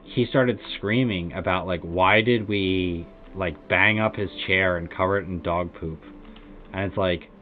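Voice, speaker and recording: A deep-voiced American streamer tells a meandering, laid-back story without hurrying, leaning on fillers like "like" and "uh." His audio comes through tinny, as if over a phone, with soft music playing behind.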